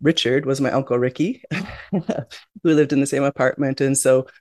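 A woman's voice: very deep voice, fairly even intonation, a little fast, a little mellow, dry recording, clean studio sound. A middle-aged woman, a guest in an interview, telling her life story in a reflective, candid way. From Canada. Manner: reflective, candid, with frequent restarts and "you know".

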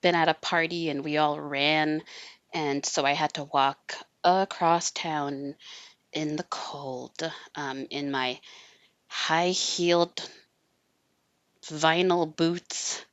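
Low-voiced woman guest, slow and earnest storytelling, dry close recording. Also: fairly even intonation, no room sound. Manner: earnest, drops to soft whispers. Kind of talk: personal storytelling in conversation.

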